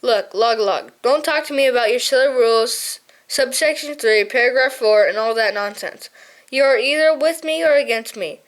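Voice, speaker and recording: A woman's voice: on the high side, moderate pace, lightly acted. A woman reading an audiobook, voicing a young male mouse warrior who speaks curtly and impatiently.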